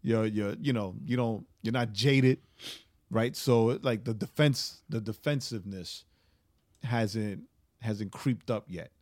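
Brief: New York man co-hosting a casual podcast, lively asides, dry booth recording. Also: on the low side, slow pace, no room sound. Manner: animated, conversational, frequent "right?" asides. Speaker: podcast co-host. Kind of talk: casual faith podcast chat.

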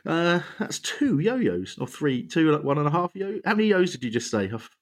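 A man's voice: on the high side, sing-song, normal speed. A man hosting a podcast panel, jokey and rambling, often laughing at himself. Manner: jokey, rambling, self-deprecating. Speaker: podcast host. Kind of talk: casual chat.

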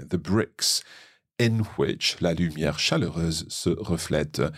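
Deep husky Scottish man teaching. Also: dry recording, studio quality. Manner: patient, measured explanations. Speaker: French teacher and podcast host. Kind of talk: explaining a text line by line.

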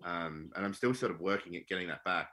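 Deep-voiced man, quick talker. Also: pushed and bright. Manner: candid and reflective, with many fillers. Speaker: podcast co-host. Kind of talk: casual podcast chat. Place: away from the studio.

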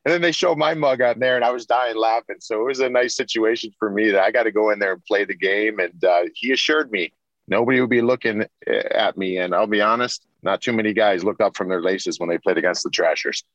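A man's voice: on the low side, fairly even intonation, brisk, a bit bright, no echo, muffled recording. A man in his forties, a former pro hockey player, telling long rambling stories in a casual interview, full of restarts and repeats.

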